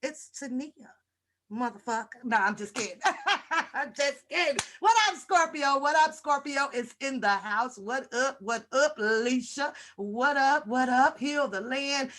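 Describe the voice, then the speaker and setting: A brash woman hosting a livestream, joking and swearing freely as she greets her viewers one by one. Her voice sits a little high and sounds bright and forceful. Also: measured pace. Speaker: livestream host.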